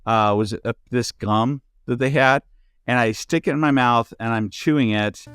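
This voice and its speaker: A man's voice: mid-range voice, normal speed, fairly bright tone, clear, resonant tone, no echo. A man hosting a podcast in casual chat, rambling with lots of restarts and fillers, from the United States. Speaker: podcast host.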